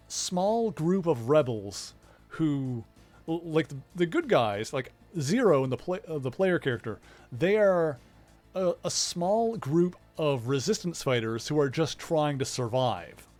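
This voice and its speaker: A man's voice: fairly high pitch, darkish tone. A man casually explaining a game's story while streaming it live, rambling and greeting viewers in chat. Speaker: livestreamer playing a video game. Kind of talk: casual let's-play commentary.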